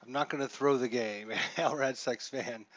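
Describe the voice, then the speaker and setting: A man streaming a baseball simulation, chatting and calling the plays, reeling off stats and getting louder on big hits. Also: medium pitch, steady tone, moderate pace, dull audio. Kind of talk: casual play-by-play commentary.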